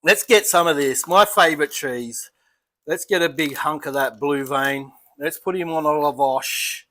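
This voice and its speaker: An Australian man reviewing beer in a casual home vlog, chatty and relaxed, talking as he eats and drinks. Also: fairly high pitch, unhurried. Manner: relaxed, chatty, thinking aloud while eating and sipping.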